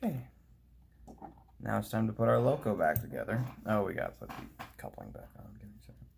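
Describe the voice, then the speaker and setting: A young man with a lowish, gravelly voice narrates his hobby work casually. His pitch swings widely as he chats playfully to himself and the model. On fiddly steps he drops to a quiet whisper. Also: sing-song, fast talker, slight background noise.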